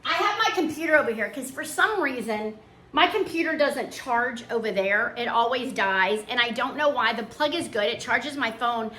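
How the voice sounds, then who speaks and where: Chatty older woman with a bright high voice. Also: lively intonation, moderate pace, a little hiss or hum. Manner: chatty and homey, trailing off into asides. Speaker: vlogger. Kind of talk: casual chat.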